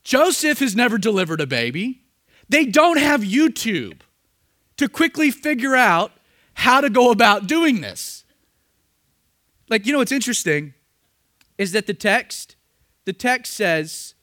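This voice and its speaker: A man's voice: high-pitched, takes it slowly, long pauses, no echo, clean studio sound. A young man preaching a sermon, telling stories with acted-out voices and reading scripture aloud. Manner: animated storytelling with acted-out voices. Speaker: pastor.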